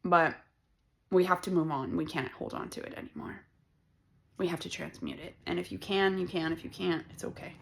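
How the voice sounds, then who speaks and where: A woman's voice: on the low side, steady tone, moderate pace, gravelly, slight background noise. Blunt, rambling woman reading tarot. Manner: blunt and profane, rambling and conversational. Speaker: tarot reader. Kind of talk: casual tarot reading monologue.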